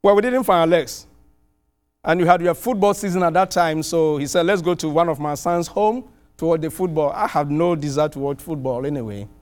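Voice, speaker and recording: A middle-aged man from outside the US with a foreign accent, preaching a sermon and telling a personal story with lively, animated delivery. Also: a little fast. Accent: non-American. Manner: animated storytelling, pitch swinging widely.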